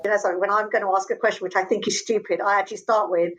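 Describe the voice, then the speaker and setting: A woman's voice: medium pitch, steady tone, racing, husky. A woman hosting a podcast interview, reflecting back on what her guest said. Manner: affirming, reflective. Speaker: podcast host.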